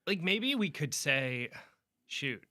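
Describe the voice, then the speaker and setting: A young man, a sports reporter, telling a story in an animated way and acting out quotes during a podcast interview. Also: fairly high pitch, slow pace, no echo, studio quality.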